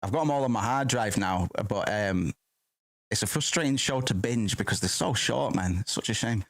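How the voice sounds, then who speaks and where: A man with a somewhat low voice gives casual let's-play commentary. He rambles and swears offhandedly, drifting between the game and side topics in an easy, unhurried chat. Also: lively intonation, dry recording. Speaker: gaming streamer host.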